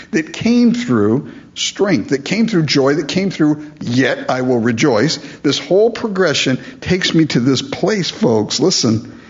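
Slow, emphatic male preacher. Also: mid-range voice, dull audio. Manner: earnest, emphatic preaching with rhetorical questions. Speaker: pastor. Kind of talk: sermon.

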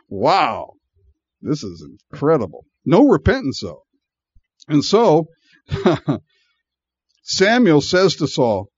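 A man preaching a sermon with a lively, animated delivery, his pitch rising and falling a lot. He talks to his listeners casually and acts out the people in the story. The sound is dry and a little dull. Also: slow pace, long pauses, slightly rough, dry recording. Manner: animated and conversational, acting out voices with frequent laughs. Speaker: pastor.

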